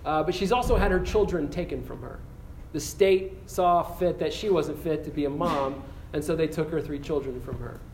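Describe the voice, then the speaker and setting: A man giving an earnest campus sermon, telling a story with frequent restarts and ending in a slow, quiet prayer. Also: a little high, a little hiss or hum. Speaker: campus pastor. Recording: echoey room with faint ambience.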